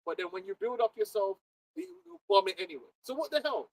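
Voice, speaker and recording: A young man, chatting casually and preaching in a lively, slangy way with frequent laughter. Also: high voice, fast, poor audio. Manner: animated, slangy, laughing often. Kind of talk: casual chat.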